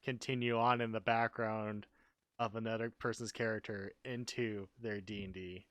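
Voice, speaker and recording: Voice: medium pitch, level tone, moderate pace, a bit bright. A tabletop game player joking around in a wry way during casual chat.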